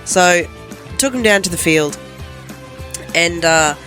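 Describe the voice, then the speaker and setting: A woman's voice: lowish voice, animated, slow, fairly bright tone, faint music behind. A woman in her thirties with an Australian accent, a breakfast radio co-host telling a story in casual, self-mocking chat. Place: radio studio. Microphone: studio microphone.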